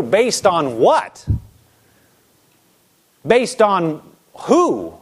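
Male preacher, somewhat high pitch, talky sermon style, rhetorical questions, acts out inner thoughts. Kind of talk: conversational sermon.

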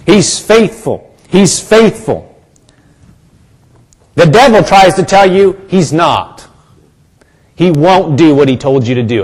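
Emphatic male preacher, slightly high voice. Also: animated, slow pace, long pauses, a little mellow, slightly rough. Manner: emphatic and repetitive, calls for congregation responses. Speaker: pastor. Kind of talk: sermon.

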